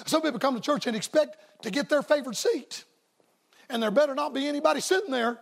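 A man preaching a revival sermon as a staff evangelist, folksy and emphatic, sometimes rising to shouts. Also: very high-pitched, brisk, vocal fry.

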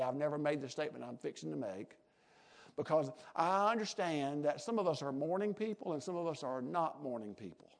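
A middle-aged man, preaching a folksy sermon as pastor of his church, swinging from soft asides to loud emphatic peaks. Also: a little high.

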